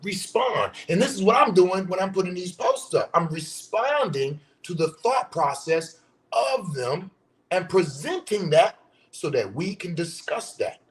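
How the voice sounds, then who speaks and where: A man's voice: sits high, expressive, a little slow. A man in a casual vlog rant, blunt and profane, asking rhetorical questions and repeating his points. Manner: blunt, profane, mocking voices of commenters. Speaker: social media commentator.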